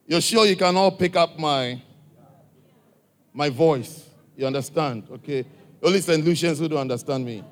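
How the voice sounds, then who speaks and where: Male church speaker with an African accent, slightly high voice, direct and coaxing with the crowd, long hall reverb. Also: normal speed. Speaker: church speaker addressing a congregation. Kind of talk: live address to an audience.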